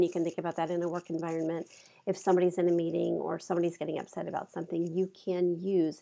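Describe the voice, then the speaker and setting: A woman lecturing in a gravelly, low, flat voice, a little stuffy from allergies. She talks in a loose, conversational way, full of examples and small fillers. Her tone stays dark and mellow. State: congested from allergies. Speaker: college instructor. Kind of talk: recorded lecture. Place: office. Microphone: clip-on mic.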